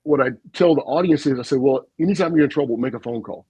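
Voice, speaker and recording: A man, a retired army officer, telling stories in an animated, folksy way on a casual podcast. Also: mid-range voice, fast talker, breathy edge, no room sound, low-quality recording. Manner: animated, folksy storyteller with frequent asides and laughs.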